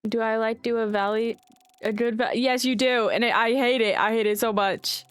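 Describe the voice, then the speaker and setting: Woman streamer venting n cussing, kinda high voice, super dry close mic. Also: fairly even intonation, moderate pace, clean tone, dry recording. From United States. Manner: chatty, ranting, swears freely. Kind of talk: casual chat with voice call and chat.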